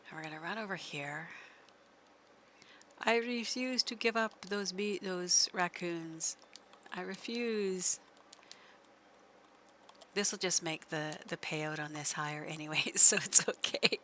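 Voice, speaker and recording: A woman's voice: lowish voice, slow pace, long pauses, pushed and bright, slight background noise. A woman streamer giving chatty live gameplay commentary, laughing often and coaxing her horse along.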